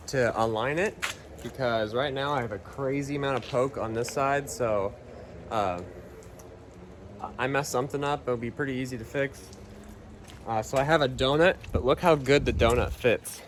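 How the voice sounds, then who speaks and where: A man's voice: mid-range voice, moderate pace, noisy background. A young man talking casually through a car build in a workshop, laid-back and chatty with car slang. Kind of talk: casual build vlog narration.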